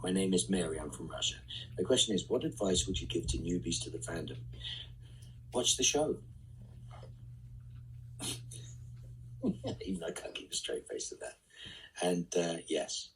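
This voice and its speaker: A man reading fan questions aloud and answering them casually in a live online Q&A, often trailing off into soft asides. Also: rumbling low, recorded from a distance, slight background noise, low-quality recording.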